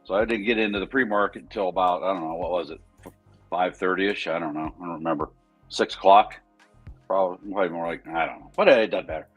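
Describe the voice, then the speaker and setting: A man's voice: low-pitched, fast talker, husky, dull audio, faint music behind. A man on a trading panel, telling a long rambling story in casual chat and correcting himself as he goes. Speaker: trader on a panel.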